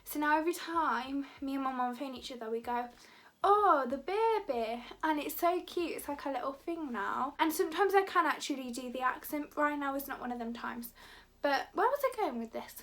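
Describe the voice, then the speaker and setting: A woman's voice: high-pitched, animated, fairly quick, a bit bright. A young woman vlogging in a rambling, chatty way, full of filler words. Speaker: beauty vlogger. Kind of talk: casual chat to camera.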